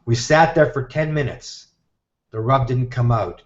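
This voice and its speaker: A man telling a story in an animated way and acting out the voices of the people he quotes, heard over a live video call. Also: medium pitch, moderate pace. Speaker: guest teacher. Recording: echoey, dull video-call audio.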